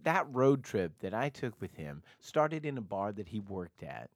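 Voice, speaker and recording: Male co-host, casual storyteller, lively and expressive, dry studio mic. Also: fairly low pitch, a little slow, no room sound. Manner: animated storyteller, acts out voices and laughs often. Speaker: podcast co-host.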